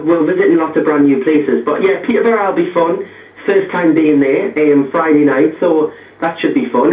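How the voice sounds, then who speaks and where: A man's voice: a little high, recorded from a distance. A young man with a Geordie accent, a pop singer chatting casually as a radio guest, with lots of fillers and restarts. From North East England. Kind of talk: radio interview by phone. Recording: tinny echoey phone line.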